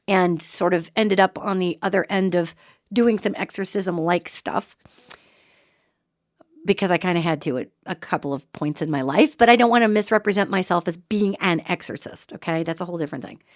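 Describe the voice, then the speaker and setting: A woman hosting a podcast, telling a story in an animated, colloquial way with joking asides. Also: mid-range voice, no room sound, studio quality. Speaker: podcast host. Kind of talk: storytelling, casual talk.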